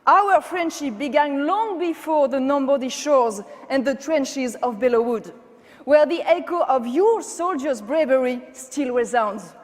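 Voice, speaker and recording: French-accented woman, high voice, emphatic speech in a big reverberant hall. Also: lively intonation, measured pace. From France. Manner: impassioned, emphatic oratory. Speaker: conference speaker. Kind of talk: political speech. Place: large conference hall.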